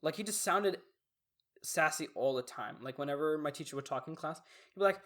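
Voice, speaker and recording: A young man co-hosts a podcast, chatting casually as he tells a rambling story full of fillers and restarts. His voice sits on the high side, with lively intonation, a fast pace and a fairly bright tone.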